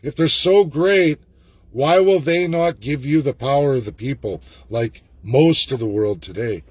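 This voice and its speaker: A man's voice: medium pitch, measured pace, darkish tone, breathy edge, dry recording. A Canadian man, a political candidate, giving a fervent, repetitive ranting video monologue with urgent appeals.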